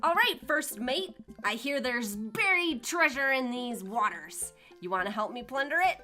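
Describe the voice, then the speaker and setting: A woman's voice: on the high side, lively intonation, measured pace, sharp tone, faint music behind. A woman voicing a playful young girl who plays at pirates, read in a game stream.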